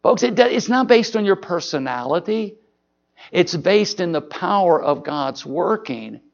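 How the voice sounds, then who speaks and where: A man evangelist preaching to a congregation, telling a story in a folksy, animated way and joking with the crowd. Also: high-pitched, a little slow, creaky, highs cut off. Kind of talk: sermon storytelling. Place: church service before a congregation.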